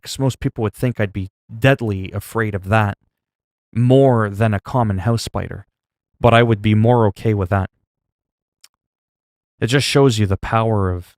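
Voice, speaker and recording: Low-voiced guy rambling on his stream, lots of uh's, dry close mic. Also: dry recording. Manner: rambling, chatty, self-mocking, many fillers. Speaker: livestreamer. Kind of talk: casual livestream chat.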